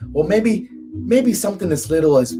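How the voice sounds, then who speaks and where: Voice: mid-range voice, expressive, moderate pace, over music. A spiritual coach from Cuba giving a live tarot reading, emphatic and chanting repeated phrases.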